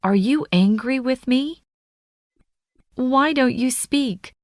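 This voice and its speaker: Woman reading practice phrases at an unhurried pace, mid-pitched, dry close sound. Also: a little mellow, no room sound. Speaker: phrase reader.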